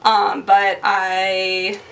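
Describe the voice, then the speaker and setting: A young woman in her twenties rambling in a loose, chatty way, sprinkling in fillers as she works at her desk. Her voice is bright and a little gravelly. It sits slightly back from the mic. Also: mid-range voice, completely flat delivery, extremely slow, far from the mic. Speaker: planner vlogger. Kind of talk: casual chatty narration over crafting.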